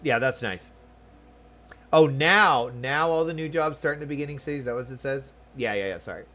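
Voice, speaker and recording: Excitable streamer dude chatting thru his game, mid voice, reads stuff out loud. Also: medium pitch, a little fast. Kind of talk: let's-play commentary.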